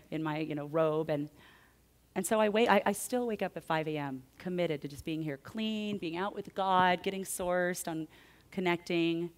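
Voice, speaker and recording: A woman telling a personal story to a live audience, chatty and animated, often laughing. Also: on the low side. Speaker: speaker at a live event.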